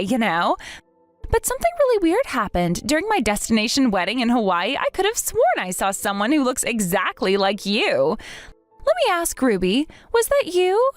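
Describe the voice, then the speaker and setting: Woman doing a haughty, entitled bride, condescending, bouncy high-ish delivery. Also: wildly swooping pitch, moderate pace, no room sound, soft background music. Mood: sly. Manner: mocking, haughty. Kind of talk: dramatized story voice acting.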